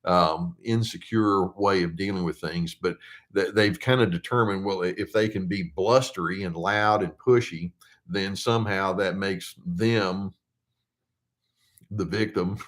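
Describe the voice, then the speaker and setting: Older man with a low voice, chatty therapist. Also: fairly bright tone. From United States. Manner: conversational, with frequent fillers and restarts; reads questions aloud slowly and deliberately. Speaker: therapist answering viewer questions. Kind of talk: casual explanatory talk.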